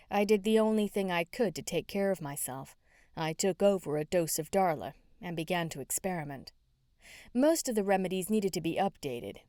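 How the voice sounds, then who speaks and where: Woman audiobook narrator, wry first-person read, lower voice, dry studio. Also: darkish tone, no echo.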